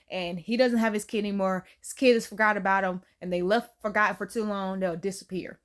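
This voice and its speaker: A young woman casually recapping a movie, telling it with animated, incredulous slang. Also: medium pitch, a little fast, few pauses. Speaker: movie reviewer.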